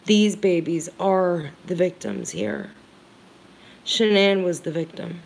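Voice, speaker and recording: Low, slow, flat-voiced woman commentator. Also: vocal fry. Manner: earnest, heartfelt, emphatic. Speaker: livestream commentator. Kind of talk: emotional commentary livestream.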